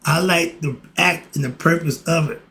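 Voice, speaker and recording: A man's voice: on the high side, moderate pace, creaky, pushed and bright. A man giving a casual teaching talk on yoga philosophy, asking rhetorical questions and answering them himself, with slangy asides.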